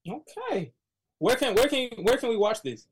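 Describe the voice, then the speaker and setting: A man co-hosting a casual chat, dropping in short, relaxed replies. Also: very high-pitched, normal speed, breathy edge. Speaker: co-host.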